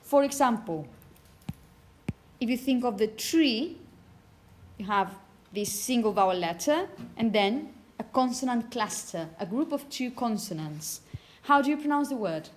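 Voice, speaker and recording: A woman's voice: on the high side, lively intonation, slight background noise. Woman lecturing a phonetics class. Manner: checks in with frequent "okay?", repeats example words slowly. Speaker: phonetics teacher.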